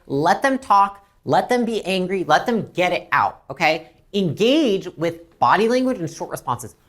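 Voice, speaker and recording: A woman teaching a business training lesson as a coach, blunt and animated, swearing freely. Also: fairly low pitch.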